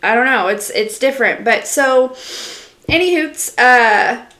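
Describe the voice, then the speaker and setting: A woman's voice: a little high, measured pace, bright, forceful tone, echoey room. A woman giving a casual live-stream channeled message as an intuitive reader, rambling with lots of fillers, talking straight to her viewers and answering their comments.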